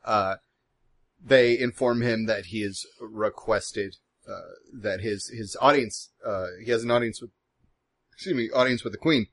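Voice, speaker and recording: A man playing a tabletop role-playing game, telling what his character does in a lively way. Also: on the low side, measured pace. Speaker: player.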